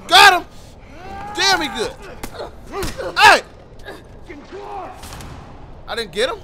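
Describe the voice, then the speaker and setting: A man giving live gameplay commentary, loud and excitable, with profane play-by-play reactions. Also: very high-pitched, very slow, very noisy.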